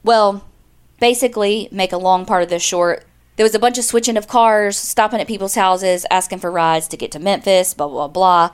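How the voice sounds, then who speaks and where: A woman recounting a crime case in relaxed conversational podcast talk. She keeps the story moving with quoted lines and offhand asides, and her pitch sits in an ordinary middle range. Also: normal speed, smooth. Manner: chatty, retells events with quoted dialogue and asides. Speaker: podcast co-host. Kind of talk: casual true-crime storytelling.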